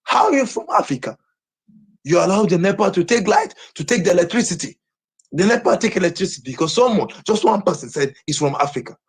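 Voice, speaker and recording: A man's voice: high voice, lively intonation, fast talker, breathy edge. A Nigerian man ranting on a livestream, agitated and repeating the same phrases over and over.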